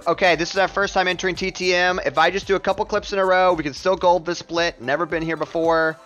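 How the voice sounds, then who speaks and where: A young man streaming a speedrun, chatting to his viewers in an excitable, jokey and self-mocking way. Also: sits high, fairly quick, soft background music. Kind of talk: live gameplay commentary to chat.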